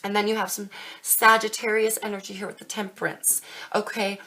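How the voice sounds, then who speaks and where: A young woman doing a casual tarot reading to camera, emphatic and quick to swear as she talks straight to her viewers. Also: mid-range voice, flat delivery, sharp tone. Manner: emphatic, swears freely, speaks directly to viewers. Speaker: tarot reader.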